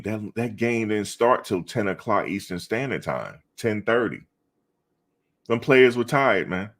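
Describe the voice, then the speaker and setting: A middle-aged man hosting a casual live sports chat, bantering with viewers in an animated, slangy, repetitive way. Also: lowish voice, measured pace. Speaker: live show host reading chat.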